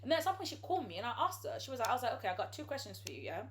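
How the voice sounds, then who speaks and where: A young woman tells a story to her podcast co-hosts in casual chat. Her voice sits high and swings widely as she acts out everyone she quotes. She talks at a fast, tumbling pace. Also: slight background noise. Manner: animated, quick storytelling with acted-out quotes. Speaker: podcast co-host telling a story.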